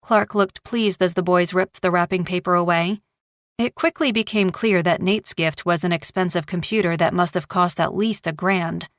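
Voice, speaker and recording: A woman narrating a thriller audiobook in a steady, even manner. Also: lowish voice, normal speed, no room sound, studio quality. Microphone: close studio mic.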